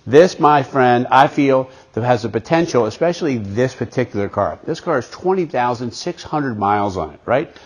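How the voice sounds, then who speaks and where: A man's voice: mid-range voice, animated, normal speed, hardly any pauses, husky. A man hosting a car walkaround video, talking in an enthusiastic, chatty salesman manner. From United States. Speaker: car dealer host. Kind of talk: casual walkaround presentation.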